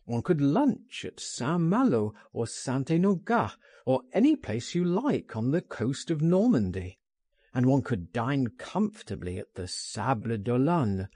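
A medium-pitched man reads an audiobook aloud, measured and expressive as he tells the story. The audio is dry and studio quality.

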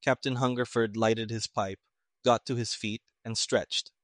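Man, audiobook narrator, measured even delivery, mid pitch, dry close recording. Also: no room sound.

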